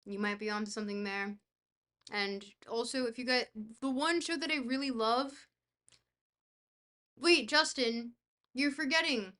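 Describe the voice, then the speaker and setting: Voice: medium pitch, a little slow, pauses often, sharp tone. A young adult streamer in casual chat, reading messages aloud and answering them in a dry, joking, rambling way.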